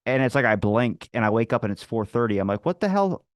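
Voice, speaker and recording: Here a man from around Philadelphia, speaking at a fairly low pitch with fairly even intonation and a quick pace, tells a loose story as a podcast guest. Fillers abound, and he acts out quoted people, in studio audio with no room sound.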